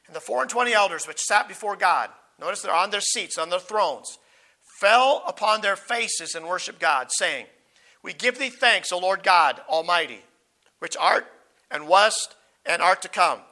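A man preaching a Bible teaching sermon, reading scripture slowly with emphasis and stumbling through asides, his voice going hoarse as he clears his throat. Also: high voice, bright, forceful tone.

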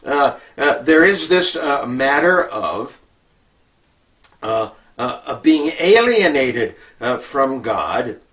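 A man preaching a Bible teaching sermon, slow and halting with many filler sounds. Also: mid-range voice, big pitch swings, fairly bright tone, far from the mic.

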